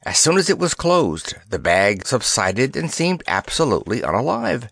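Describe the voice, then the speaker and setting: A man narrating a children's fantasy audiobook in an expressive, storybook manner. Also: mid-range voice, vocal fry, no room sound, clean studio sound. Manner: expressive, unhurried reading.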